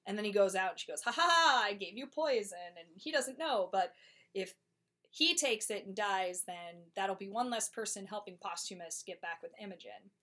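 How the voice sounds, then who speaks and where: A woman's voice: mid-range voice, a bit bright. A woman co-hosting a podcast, giving a chatty, slangy comic plot summary. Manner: chatty, slangy, quick asides. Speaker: podcast co-host.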